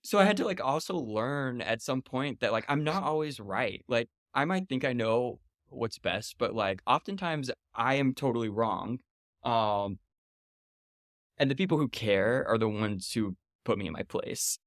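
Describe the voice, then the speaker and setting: A man's voice: medium pitch, animated, measured pace, a bit bright, no echo, clean studio sound. A man in his thirties, a podcast guest talking casually and chattily, full of fillers and quoted retorts. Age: 30s.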